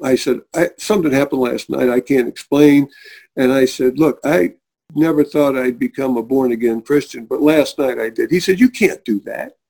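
A man's voice: mid-range voice, moderate pace, creaky. A middle-aged man, a guest on an interview show, earnestly telling a personal faith story and acting out the people he quotes. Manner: earnest, animated storyteller who acts out quoted voices.

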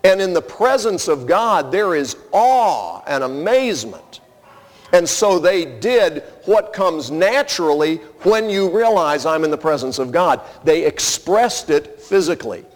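A man's voice: fairly high pitch, sing-song, unhurried. A man preaching a sermon as pastor, earnest and conversational, telling personal stories to his congregation. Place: church sanctuary. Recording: long reverb of a large hall.

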